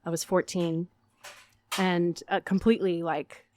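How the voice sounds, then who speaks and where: Chatty, lowish-voiced actress guest. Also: female voice, flat delivery, a little mellow, a little hiss or hum. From Arizona, US. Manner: chatty, upbeat, quick to laugh at herself. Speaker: guest, stage actor. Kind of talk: casual interview chat.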